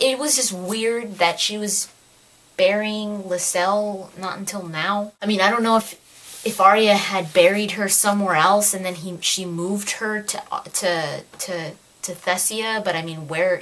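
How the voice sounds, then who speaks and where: A woman giving a casual spoken book review, ranting in an exasperated, animated way. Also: mid-range voice.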